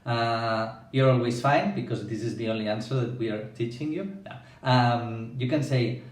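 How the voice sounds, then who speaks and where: A man's voice: mid-range voice, normal speed, distant mic. A man explaining a language lesson as a teacher, checking in with the listener by often asking "yeah?". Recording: echoey room, away from the mic.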